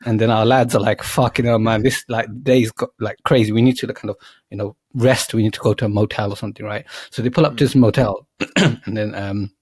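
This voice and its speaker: A young man on a podcast, telling a rambling comic movie pitch full of swearing and acted-out lines. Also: steady tone, brisk, breathy edge, no room sound. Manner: swearing, laughing, acting out quoted lines. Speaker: podcast co-host. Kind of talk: rambling comedic story pitch.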